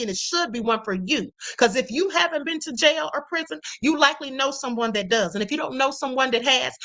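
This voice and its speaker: A woman's voice: sits high, bright, forceful tone. A young woman hosting a live stream, reading viewer comments and speaking emphatically about justice. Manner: emphatic, preachy, reads comments aloud.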